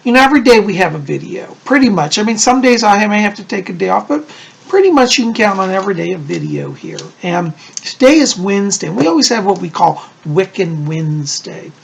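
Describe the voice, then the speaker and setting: A man, a psychic and Wiccan high priest, chatting casually to his viewers in a gushing, rambling way. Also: big pitch swings, brisk, gravelly, breathy edge. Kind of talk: casual chat to camera.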